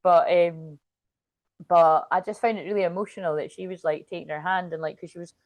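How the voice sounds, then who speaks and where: A woman's voice: fairly low pitch, a little fast, no echo. A woman chatting casually on a livestream, rambling and swearing freely as she retells a story. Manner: chatty, swears freely, quotes others in a lively way. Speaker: spiritual reader and livestream host.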